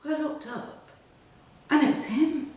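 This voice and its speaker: A woman's voice: high-pitched, unhurried, a little mellow. A woman, reading a story aloud in a wry, conversational way. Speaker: narrator. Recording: roomy echo, distant mic.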